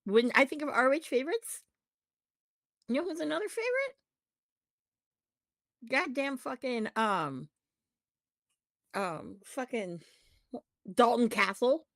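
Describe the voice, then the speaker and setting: A woman co-hosting a podcast, ranting about wrestling in a profane, animated way. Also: high voice, slow, long pauses, no room sound, clean studio sound. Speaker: podcast co-host. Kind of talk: casual wrestling chat.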